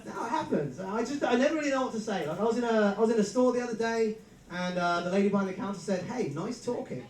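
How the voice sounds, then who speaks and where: A man's voice: high voice, expressive, very fast. English male emcee, thirties, self-mocking banter; distant mic in a reverberant room. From England. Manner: self-mocking storytelling with frequent laughs. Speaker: host. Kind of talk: stand-up comedy hosting. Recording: roomy live venue mic from a distance, crowd noise.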